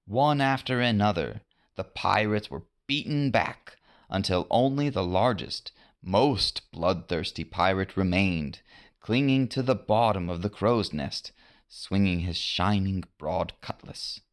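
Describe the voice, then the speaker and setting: A man reading a storybook adventure aloud at an unhurried pace. His pitch rises and falls a lot, and he gives the reading an expressive lift. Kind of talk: storybook narration.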